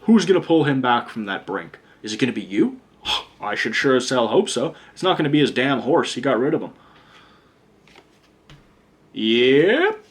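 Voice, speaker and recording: Speaking a little slowly in an expressive, medium-pitched voice, a man who reads and teaches tarot offers a relaxed pick-a-card session. He's outspoken and talkative, cursing liberally and wandering into rants.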